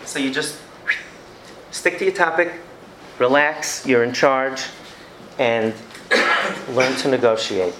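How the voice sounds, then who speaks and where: A man's voice: medium pitch, moderate pace, pauses often, a bit bright, roomy sound, slight background noise, poor audio. A man giving a lecture on parenting to an audience, acting out scenes with his children and taking questions. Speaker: educator giving a parenting talk.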